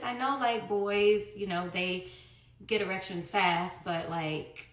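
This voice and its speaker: A woman's voice: medium pitch, slow pace, reverberant. A woman telling her own story as a mother in a custody fight, with emphatic rhetorical questions.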